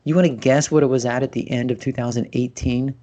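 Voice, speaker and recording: A man's voice: medium pitch, fairly even intonation, fast talker, mellow. A man hosting a casual podcast chat, conversational and loose, with plenty of fillers and restarts. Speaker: podcast host.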